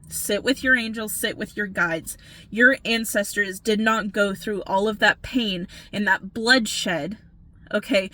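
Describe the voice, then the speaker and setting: A woman's voice: medium pitch, bright, forceful tone, no room sound. A woman giving an impassioned spiritual pep talk as a reader, earnest and urging, repeating "okay?" and swearing for emphasis, tired from working all night.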